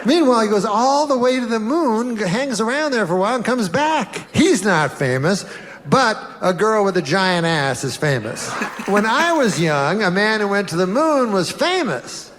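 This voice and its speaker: A middle-aged man telling jokes in a dry, halting way, pausing long before each punchline. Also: high-pitched, very animated, fairly bright tone, big-room sound, a little hiss or hum. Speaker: stand-up comedian in played clip. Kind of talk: deadpan storytelling joke delivery.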